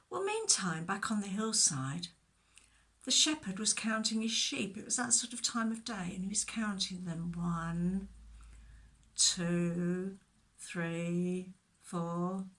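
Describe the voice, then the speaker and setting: A woman telling a Bible story to children, expressive, with whispered asides. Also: medium pitch, slow pace, long pauses.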